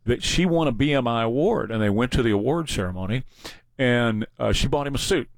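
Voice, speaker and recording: A man hosting a talk show, telling stories in a casual, animated way. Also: mid-range voice, a little fast, dry recording. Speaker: radio show host.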